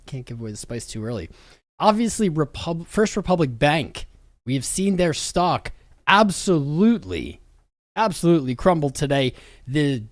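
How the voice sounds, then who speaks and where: A young man streaming crypto news with a fairly high voice that rambles between slang and market talk. He sounds worn out after a long day, yet keeps the hype going. The sound is close and dry, with no room echo. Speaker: crypto livestream host. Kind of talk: casual livestream commentary.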